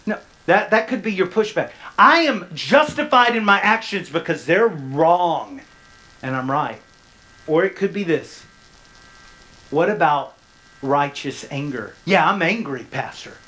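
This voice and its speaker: A pastor delivers a sermon to a church congregation from the front. His delivery climbs into loud, rising bursts and then drops to hushed, low passages. He keeps checking in with his listeners through repeated questions. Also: animated, unhurried. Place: church sanctuary, speaking from the front.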